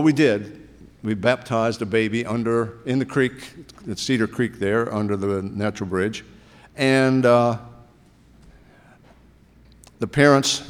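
A male pastor giving a sermon, telling stories in a relaxed, conversational way. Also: on the low side. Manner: conversational storytelling preaching. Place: church sanctuary. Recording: long reverb of a church hall.

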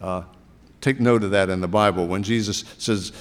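A male pastor giving a sermon, telling stories in a relaxed, conversational way. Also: fairly low pitch, moderate pace. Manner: conversational storytelling preaching. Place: church sanctuary. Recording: long reverb of a church hall.

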